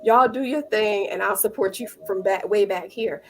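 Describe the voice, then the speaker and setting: A woman's voice: mid-range voice, moderate pace. A woman around forty, a podcast guest sharing her experiences in casual, earnest interview talk and acting out the voices in her stories. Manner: earnest storytelling, acts out quoted dialogue. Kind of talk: casual spiritual interview chat.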